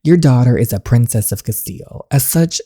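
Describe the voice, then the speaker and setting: A woman's voice: a bass voice, expressive, a little fast, mellow, husky, no room sound, studio quality, exaggerated voice. A woman voicing a haughty, spiteful old grandmother queen in a story game, reading the lines plainly. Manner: reads the lines plainly while playing.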